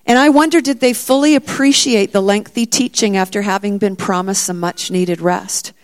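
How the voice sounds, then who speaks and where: A woman's voice: medium pitch, fairly even intonation, moderate pace. A middle-aged woman preaching a sermon, telling the story vividly and acting out the disciples' words with rising emphasis.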